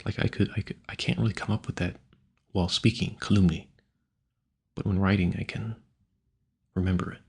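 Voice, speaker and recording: A man with a very low, gravelly voice talks casually into a home mic. His tone is husky and a little rough. He muses aloud and trips over hard words as he tries them out. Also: steady tone, a little fast, pauses often, darkish tone. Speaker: audio creator. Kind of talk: rambling casual talk.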